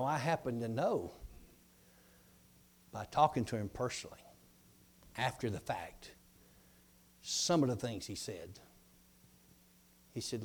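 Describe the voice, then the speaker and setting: A man delivers a sermon, spinning a story in a folksy, rambling manner. His voice is gravelly, and he drops it low whenever he quotes someone else.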